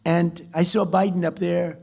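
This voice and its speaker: A man's voice: high voice, little pitch movement, normal speed, gravelly, a little mellow, breathy edge. A man giving an off-the-cuff political speech at a club dinner, rambling, repeating himself and boasting. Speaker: dinner speaker.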